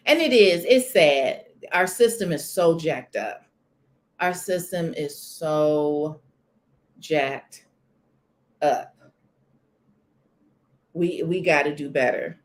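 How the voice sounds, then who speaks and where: A woman's voice: low voice, expressive, unhurried. A woman hosting a casual live-stream chat. She is chatty and emphatic, and often repeats herself. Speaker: channel host.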